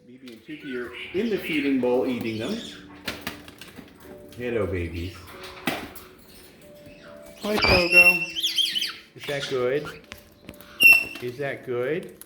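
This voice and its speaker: In a sing-song voice with long pauses and a slow pace, a woman chats in a vlog from her caged indoor bird room, where she keeps a bird sanctuary. She coos at her pet birds in baby talk, jumping high in pitch, over loud music and loudly squawking birds.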